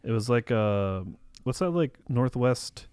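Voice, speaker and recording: A man's voice: medium pitch, expressive, unhurried, a little mellow, clean tone, dry recording. A man hosting a film podcast in casual chat, rambling and full of fillers. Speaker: podcast host.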